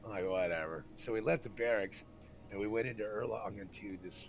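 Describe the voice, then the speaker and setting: A man's voice: lowish voice, steady tone, quick pace, vocal fry, slight background noise, poor audio. A man from California telling rowdy army stories in casual, profane chat. He acts out the people in his stories and talks with plenty of fillers. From Santa Rosa, California, USA. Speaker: storyteller recalling army days.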